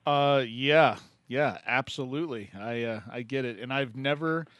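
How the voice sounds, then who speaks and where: A man's voice: mid-range voice, normal speed, a bit bright, clean tone, dry recording, muffled recording. A man hosting a call-in poetry show, chatting casually, joking and laughing often. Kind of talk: casual radio chat.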